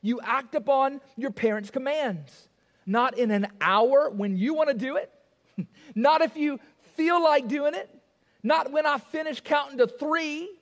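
A man's voice: extremely high pitch, unhurried, long reverb tail. A male pastor preaching a sermon. He is emphatic, repeats key phrases and asks the congregation rhetorical questions.

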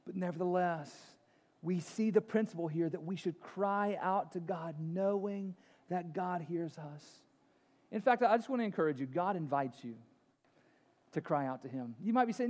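Male pastor preaching a sermon, animated, swings from loud to whispered, high voice with long church reverb. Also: normal speed.

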